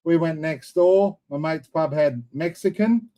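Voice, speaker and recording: Brief: Australian male co-host, laid-back, dry, voice a touch high. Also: unhurried, mellow. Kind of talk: casual live-stream chat.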